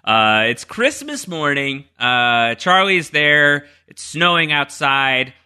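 A man hosts a podcast in loose, casual chat, circling his points with plenty of fillers and false starts. His voice is strikingly bright and moves up and down freely as he talks. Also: a little high, big pitch swings, takes it slowly, smooth. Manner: rambling, full of fillers and restarts. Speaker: podcast host.

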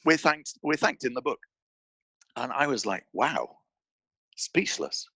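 A man talking as a podcast guest, telling an animated story and restarting phrases with repeated words. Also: mid-range voice, moderate pace, slightly rough, no echo. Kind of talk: conversational interview storytelling. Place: indoor studio with a mic.

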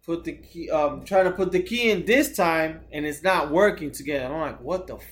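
A man's voice: a little high, moderate pace, fairly bright tone. A man co-hosting a casual podcast, rambling through a story with heavy swearing and making fun of himself. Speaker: podcast co-host.

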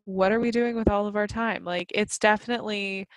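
Thirties mom just chatting, says like a lot, dry close mic. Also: female voice, mid-range voice, steady tone, fairly quick, no room sound. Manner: chatty, many fillers of "like". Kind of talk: casual chat.

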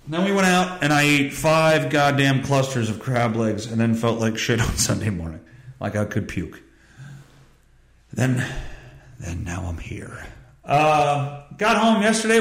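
A man's voice: on the high side, a bit bright. A man hosting a podcast, rambling through a casual monologue and reading news with a sarcastic, profane manner. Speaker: podcast host. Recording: echoey room.

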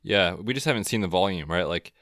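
A man co-hosting a podcast, chatting casually about football with a relaxed, chatty manner. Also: sits low, fast, no room sound, clean studio sound. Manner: relaxed, chatty, frequent fillers. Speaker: podcast co-host. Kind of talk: casual sports chat.

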